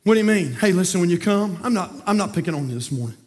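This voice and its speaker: A man preaching a fiery sermon, folksy and repetitive, swinging from quiet talk to shouting. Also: high-pitched, lively intonation, very fast. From North Carolina, USA. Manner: folksy, repeats words. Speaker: pastor.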